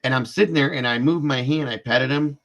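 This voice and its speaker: A male livestream host in a loose, chatty storytelling mode. He wanders through the story with fillers and repetitions like "this and that," and talks straight to the people watching. His voice sits at an ordinary middle pitch. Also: a little fast, fairly bright tone. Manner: rambling, repeats himself with fillers like "this and that"; speaks directly to viewers in chat. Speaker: host of a live true-crime show.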